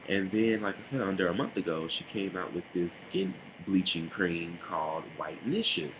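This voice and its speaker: Sassy deep-voiced man ranting. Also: normal speed. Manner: sassy, animated, mocking impressions. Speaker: vlogger. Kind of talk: casual opinion monologue. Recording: dull lo-fi home recording with noise.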